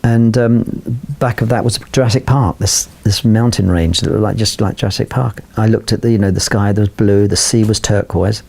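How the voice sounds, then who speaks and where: A man's voice: lowish voice, fairly even intonation, normal speed, creaky, few pauses, a little mellow, slightly rough. An older man from London, a photographer telling a long anecdote with rambling fillers and restarts. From London, England. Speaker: photographer guest. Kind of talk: anecdotal storytelling.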